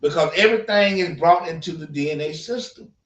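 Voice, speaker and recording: A man's voice: on the high side, a little fast, a bit bright. A man co-hosting a casual opinion podcast, speaking in an earnest, emphatic, preachy way. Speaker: podcast co-host. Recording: roomy, distant, dull sound.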